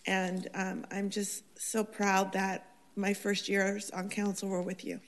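A woman's voice: mid-range voice, completely flat delivery, slow pace. A woman council member giving a chatty tribute at a city council meeting, laughing and using many fillers.

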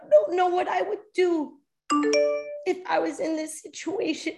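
A woman's voice: extremely high pitch, steady tone, a little slow, creaky, dark tone, rough recording. A woman giving an emotional public comment at a school board meeting, impassioned and pleading, near tears.

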